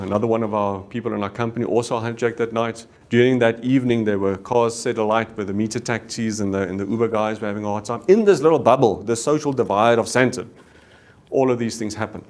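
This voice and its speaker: A man's voice: mid-range voice, darkish tone. A middle-aged South African man giving an earnest leadership talk, telling a personal story to make a point. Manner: earnest storytelling with Afrikaans exclamations. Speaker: business leader.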